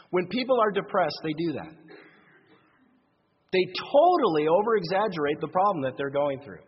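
A pastor preaching a sermon, moving between lively emphasis and quiet asides. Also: male voice, on the high side, normal speed, breathy edge. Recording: dull lo-fi recording in long-reverb hall.

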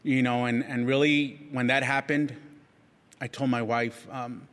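A man's voice: mid-range voice, flat delivery, a little slow, a bit bright. Middle-aged man telling a testimony in a hall. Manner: frank and self-mocking, chatty with lots of restarts. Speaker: church speaker sharing a testimony. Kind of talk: candid personal testimony, casual storytelling. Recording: long reverb of a large hall.

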